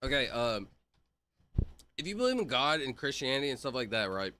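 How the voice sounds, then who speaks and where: A man's voice: mid-range voice, sing-song, brisk, bright, forceful tone, dry recording, soft background music. A young man streaming, rambling in casual chat and full of "like" and "bro". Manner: rambling, filler-heavy, says "like" and "bro" a lot.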